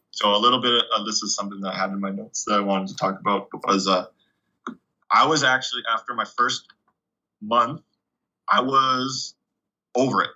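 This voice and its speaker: A young man from Canada, a guest telling stories in a casual, chatty way, full of 'like' and animated retellings. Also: on the low side. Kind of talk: casual storytelling. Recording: dull lo-fi recording.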